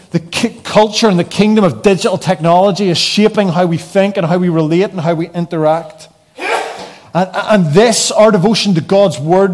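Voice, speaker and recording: A man preaching a keynote sermon, reading scripture slowly with soft falling phrase ends and building to emphatic repeated refrains. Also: high-pitched.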